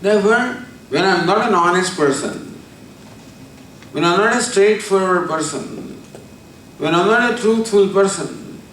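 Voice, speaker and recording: A man, giving a spiritual discourse. He tells a story and then explains Sanskrit terms slowly, repeating them. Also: sits high, lively intonation, fairly bright tone. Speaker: spiritual teacher. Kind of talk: discourse on scripture. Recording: echoey hall from far off, faint noise.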